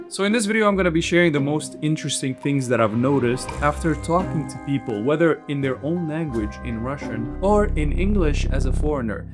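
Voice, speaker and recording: Casual man narrating a travel vlog. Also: a little high. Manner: casual, direct to viewers. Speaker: vlog host. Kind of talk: voice-over narration.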